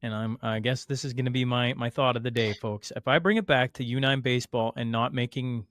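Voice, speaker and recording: A man hosting a podcast, thinking out loud in a casual, rambling way. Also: medium pitch, fairly even intonation, a little fast, no echo, clean studio sound. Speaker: podcast host. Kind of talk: casual conversational interview.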